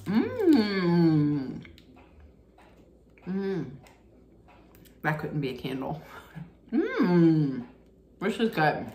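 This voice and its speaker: Slow, chatty woman in a roomy space. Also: on the low side, a bit bright, slight background noise. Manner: chatty, candid, thinks aloud while tasting. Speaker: snack unboxing vlogger. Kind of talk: casual unboxing and taste-testing vlog. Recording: roomy echo.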